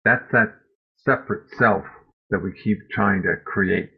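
A man giving a meditation dharma talk, speaking slowly and gently with reflective pauses. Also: lowish voice, gravelly, breathy edge. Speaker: meditation teacher. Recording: phone-like lo-fi recording.

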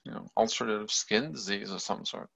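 A man's voice: on the low side, a little fast, gravelly, pushed and bright, breathy edge, heavily acted. A man voicing a male palace guard captain who explains things plainly, with hesitant fillers, in a dull lo-fi recording. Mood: matter-of-fact.

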